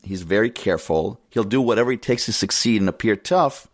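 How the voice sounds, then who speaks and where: Low-voiced man host. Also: a little fast, dry recording, studio quality. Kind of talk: interview host commentary.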